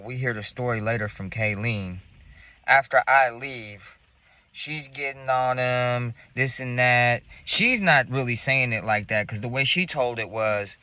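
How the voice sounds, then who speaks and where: A man's voice: medium pitch, pushed and bright, dry recording, low-quality recording. A man telling a story in a casual, rambling, profane way.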